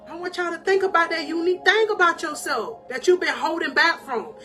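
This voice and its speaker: A woman life coach giving an animated, emotional live-stream talk of encouragement. She laughs often and calls out to her viewers in a preacherly way. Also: very high-pitched, a little fast, faint music behind.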